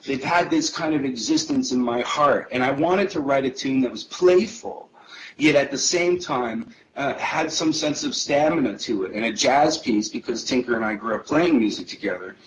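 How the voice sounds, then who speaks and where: A man's voice: medium pitch, normal speed, highs cut off, slight background noise. A man, a guest musician, chatting animatedly in an interview and chuckling as he tells a story. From Canada. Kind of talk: casual interview chat.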